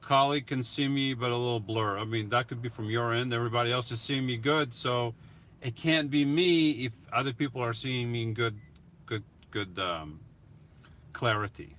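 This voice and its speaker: A man's voice: mid-range voice, normal speed, a bit bright. A middle-aged man streaming live from his van on a phone, casually chatting and reading out viewer comments as he answers them. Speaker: vlogger hosting a live Q&A. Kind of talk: casual livestream chat.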